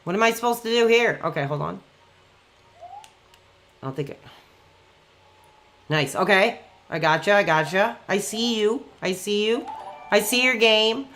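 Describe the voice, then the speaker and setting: Bright-voiced, excitable male streamer. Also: sits high, slight background noise. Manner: excitable, rambling, quick to get worked up. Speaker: live streamer. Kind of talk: casual live-stream chat while gaming.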